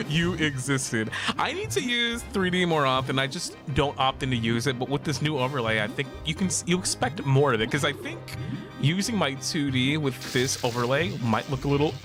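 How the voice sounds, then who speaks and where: A man's voice: fairly high pitch, expressive, moderate pace. A man streaming a video game, chatting casually, laughing often and swearing freely. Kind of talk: casual gaming stream chat. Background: game music.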